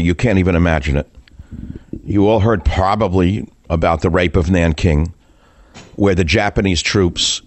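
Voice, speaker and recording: An older man hosting a political talk radio show, delivering a fiery, rhetorical monologue with sudden high-pitched outbursts, close to a studio mic. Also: dry recording.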